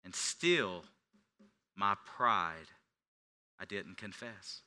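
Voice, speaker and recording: Bright-voiced man preaching a sermon. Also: on the low side, expressive, very slow, clear, resonant tone. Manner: confessional storytelling, dropping to near whispers then rising to shouts. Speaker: pastor.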